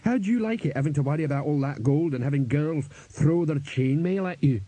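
A man voicing a huge, slow male troll drummer who speaks in a slow rumble, read in an audiobook. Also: dark tone, husky, no room sound. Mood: teasing.

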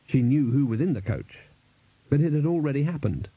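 A man narrating an audiobook in a dry, measured storytelling manner. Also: medium pitch, animated, warm tone, slightly rough, no room sound, low-quality recording.

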